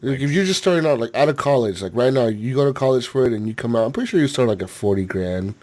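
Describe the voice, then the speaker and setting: A man's voice: medium pitch, animated, fast talker, darkish tone. A man hosting a gaming podcast in casual chat, rambling with lots of filler words, swearing freely and laughing often. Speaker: podcast host.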